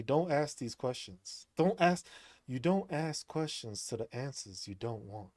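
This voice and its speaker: A man's voice: mid-range voice, lively intonation, measured pace, darkish tone, no echo, studio quality. A man talking casually as a streamer, rambling, repeating himself and laughing often. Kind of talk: casual monologue.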